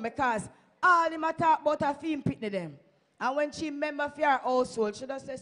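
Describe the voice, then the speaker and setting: A woman with a Jamaican accent and a high, slightly bright voice stands before her church congregation in the sanctuary to testify. Speaking fervently at a moderate pace, she urges her listeners on and moves easily between English and Patois.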